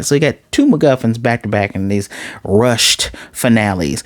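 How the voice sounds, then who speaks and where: Excitable man recapping an episode. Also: mid-range voice, normal speed, dry recording. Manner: excitable, acts out characters' lines in shifting voices. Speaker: anime reviewer. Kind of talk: casual episode recap and review.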